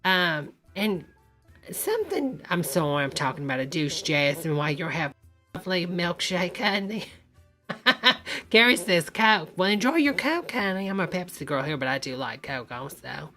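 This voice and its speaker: A woman's voice: fairly low pitch, big pitch swings, normal speed, fairly bright tone, soft background music. An older woman, hosting a casual live stream and chatting folksily with viewers, calling everyone honey.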